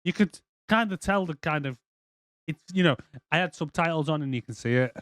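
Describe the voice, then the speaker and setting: A man's voice: a little high, animated, brisk, fairly bright tone, no echo. A young man co-hosting a casual movie review podcast, sweary and acting out scenes in silly voices. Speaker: podcast co-host.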